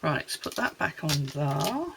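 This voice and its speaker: A woman's voice: sits low, lively intonation, unhurried, creaky, noisy background. A woman from Wales chatting homely and rambling as she makes cards at her desk. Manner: chatty, homely, rambling asides while working. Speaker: card-making crafter. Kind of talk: casual crafting tutorial chat.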